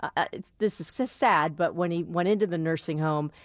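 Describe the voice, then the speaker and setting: A woman on a radio talk show speaking gently and hesitantly about her father. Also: fairly low pitch, fairly quick, no room sound, lo-fi sound. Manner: gentle, hesitant, many fillers. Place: radio studio.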